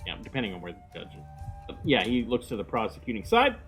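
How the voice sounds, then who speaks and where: A man narrating as dungeon master in a tabletop game, pausing often with fillers. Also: fairly low pitch, wildly swooping pitch, music in the background. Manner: hesitant, filler-heavy narration.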